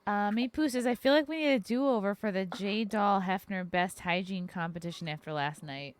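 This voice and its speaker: A woman's voice: medium pitch, normal speed, clean tone, no room sound. A woman hosting a casual podcast. She reads viewer messages aloud and jokes with her guests in a wry, teasing way. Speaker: podcast host reading super chats. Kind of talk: casual chat.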